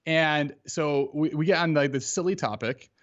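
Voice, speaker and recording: A man in his thirties, a podcast guest telling a personal story in a casual, animated way, full of "like" and acted-out quotes. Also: fairly high pitch, moderate pace, highs cut off.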